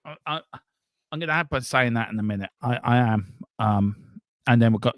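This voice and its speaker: A man's voice: mid-range voice, a little fast, a bit bright, no echo, studio quality. Frank rambling male fan-show host. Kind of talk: casual fan talk show.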